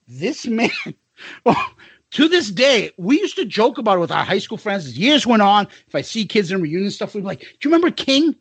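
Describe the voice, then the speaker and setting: A man's voice: sits high, very animated, normal speed, fairly bright tone, breathy edge, dry recording. A middle-aged man co-hosting a podcast, telling profane school stories in casual chat and laughing through them. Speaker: podcast co-host.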